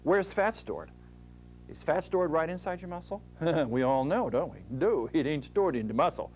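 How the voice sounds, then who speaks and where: A man's voice: on the high side, expressive, moderate pace, a little mellow, a little hiss or hum. A man from the United States explaining fitness at a diagram in a folksy manner, acting out muscles talking. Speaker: fitness instructor. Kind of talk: explaining at a whiteboard.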